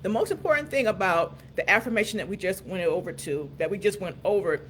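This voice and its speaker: A woman's voice: medium pitch, expressive, a little hiss or hum. Emphatic woman leading affirmations. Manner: emphatic, repeats phrases slowly for emphasis. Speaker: host. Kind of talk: motivational affirmation talk.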